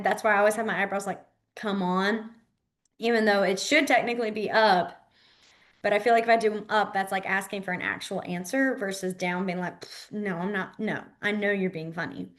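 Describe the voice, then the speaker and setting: Woman, teacher, relaxed classroom talk, chatty with many fillers, repeats words slowly. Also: mid-range voice. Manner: frequent fillers like "like" and "um". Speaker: sign language teacher. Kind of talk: casual classroom instruction. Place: library classroom.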